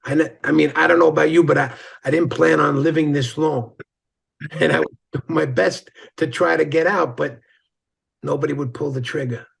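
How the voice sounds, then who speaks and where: Male guest, gravelly husky voice, blunt storyteller who acts out quotes. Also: on the high side, steady tone, moderate pace. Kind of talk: casual interview conversation.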